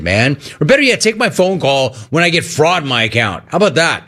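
Animated ranting male radio host. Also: fast, hardly any pauses. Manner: animated, ranting, mocks cheerful greetings in a high voice. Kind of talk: radio call-in show banter.

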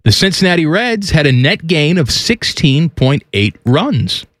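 A man's voice: mid-range voice, dry recording. A man co-hosting sports talk with a mid-range voice, recorded close and dry. He makes blunt wisecracks and runs through stats in a casual tone. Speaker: sports radio co-host.

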